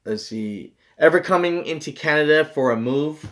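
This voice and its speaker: In a slightly high, expressive, somewhat bright voice at normal speed, a young truck driver and channel host tells his viewers a rambling story. He swears freely and fills his speech with "like" and "you know."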